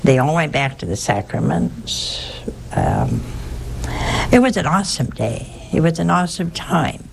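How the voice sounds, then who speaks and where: A woman's voice: low voice, sing-song, a little slow, gravelly, a little hiss or hum. An older woman, a nun, telling personal stories in a rambling, anecdotal way with frequent restarts. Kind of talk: personal storytelling.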